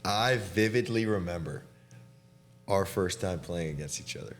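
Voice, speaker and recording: Very deep-voiced young man, laid-back host. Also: moderate pace, a little hiss or hum. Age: young adult. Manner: laid-back, chatty, laughs often, says "dude". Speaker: podcast host and college basketball player. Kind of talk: casual chat between teammates.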